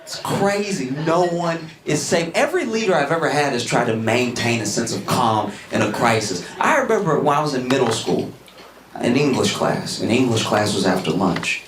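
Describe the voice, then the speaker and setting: A man from Louisiana doing stand-up comedy, telling stories with an animated delivery and jumping into shouted character voices, on a comedy club stage. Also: mid-range voice, moderate pace. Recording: roomy live club recording, loud crowd noise.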